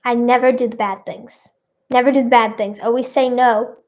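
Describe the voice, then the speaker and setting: High, bubbly woman streamer. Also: fairly even intonation, moderate pace, a little mellow. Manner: bubbly, reads out viewers' guesses. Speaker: livestream host. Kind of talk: playful live chat with viewers.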